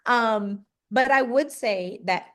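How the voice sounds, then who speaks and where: A woman's voice: a little high, slow. A woman from Canada, a podcast guest, talking candidly and emotionally about a hard stretch of her life. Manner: candid, emotional storytelling with lively swings. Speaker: podcast guest, speaker and entrepreneur. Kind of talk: casual interview talk.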